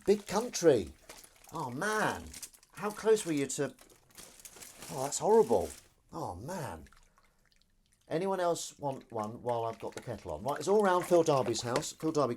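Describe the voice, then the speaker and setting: A man hosts a relaxed live stream from his kitchen while he does the washing up. He rambles in a self-deprecating way and reads viewer comments aloud. His voice moves up and down a lot, and faint kitchen noise sits behind it. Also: mid-range voice, normal speed. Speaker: livestream host. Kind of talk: casual live-stream chat.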